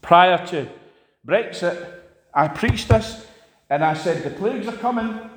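A man preaching a sermon, impassioned, swinging sharply between loud and quiet. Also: lively intonation, unhurried, slight background noise. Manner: impassioned, rises and drops sharply in pitch and volume. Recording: long hall reverb.

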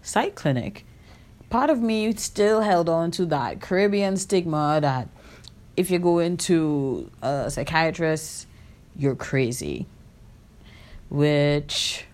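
Low mellow-voiced woman telling her story. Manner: candid and reflective, with many fillers and self-corrections. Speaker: podcast host. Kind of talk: personal storytelling monologue.

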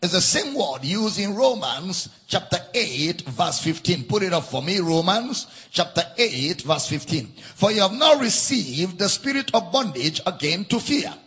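Emphatic preaching man with a bright, husky voice. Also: high-pitched, sing-song, unhurried, hardly any pauses. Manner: emphatic preaching, repeats key phrases, spells out words for note-takers. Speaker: pastor. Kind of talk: sermon. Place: church camp meeting.

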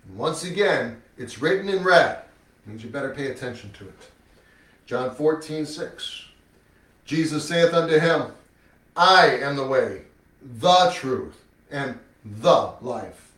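A man preaching a sermon and reading scripture, with emphatic rhetorical questions, swinging between loud and hushed. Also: medium pitch, expressive, takes it slowly. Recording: echoey room, mic at a distance.

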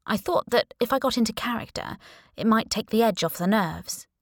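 A woman narrating a first-person audiobook in a wry, lively storytelling manner, close to the mic. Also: on the high side, normal speed, no echo.

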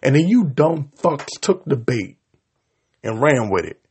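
A man delivering a profane, confrontational rant straight to his audience, swinging between loud outbursts and low mutters. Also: big pitch swings, a little slow, slightly rough. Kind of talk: profane angry rant to camera.

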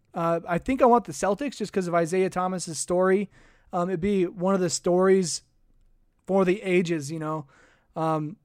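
Young male sports podcaster, high voice, dry close mic, chatty and rambling. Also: smooth, dry recording. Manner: rambling, chatty, thanks viewers. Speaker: podcast host. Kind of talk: casual sports podcast livestream. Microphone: desk microphone.

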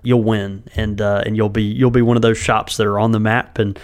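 A man's voice: fairly low pitch, level tone, a little fast, clear, resonant tone. A man co-hosting a podcast in casual chat, rambling and full of filler words. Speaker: podcast co-host.

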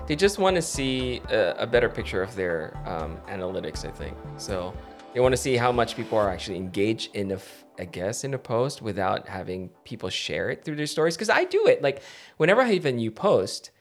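A man's voice: fairly low pitch, a little fast, faint music behind. A young man co-hosting a podcast, chatting casually, laughing often and rambling. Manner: animated, laughing, rambling with restarts. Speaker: podcast co-host. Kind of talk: casual chat.

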